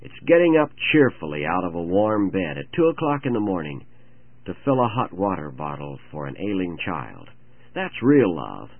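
A man's voice: low-pitched, sing-song, moderate pace, vocal fry, no echo, exaggerated voice. A man playing an impatient magazine editor who exclaims his lines with emphasis, on a narrow-band old radio broadcast. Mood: emphatic.

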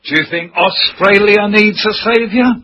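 A man preaching a sermon in a slow, emphatic way, full of rhetorical questions. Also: high voice, dull audio, a little hiss or hum.

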